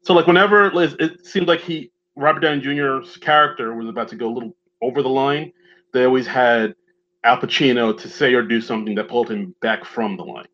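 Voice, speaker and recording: A man's voice: medium pitch, fairly quick, fairly bright tone. A man co-hosting a podcast in casual chat, rambling with lots of "like" and restarts. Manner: rambling, many fillers and restarts. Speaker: podcast co-host. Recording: dull lo-fi mic with faint hum.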